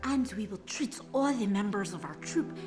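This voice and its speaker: A woman's voice: medium pitch, expressive, normal speed, over music, close to an everyday voice. An actress playing a kind young woman puppeteer who speaks earnestly and soothingly. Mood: determined.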